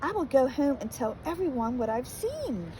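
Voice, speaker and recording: A woman's voice: sits high, sing-song, moderate pace, noisy background. A woman voicing a small, curious boy mouse who asks eager, pleading questions in a storybook. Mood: wondering.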